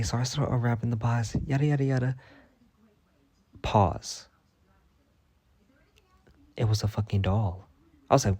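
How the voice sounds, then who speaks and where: A man's voice: medium pitch, normal speed, pauses often, no room sound. A young man telling stories in a casual vlog rant, profane and dramatic. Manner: profane, dramatic, animated retelling. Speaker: vlogger.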